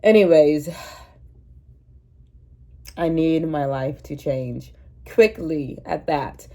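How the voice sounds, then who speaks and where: Low, mellow woman with a cold. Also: extremely slow. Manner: rambling, self-mocking, talks to viewers like a friend. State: sick with a cold. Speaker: vlogger. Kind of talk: casual chatty vlog. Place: at home indoors. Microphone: camera mic, no microphone.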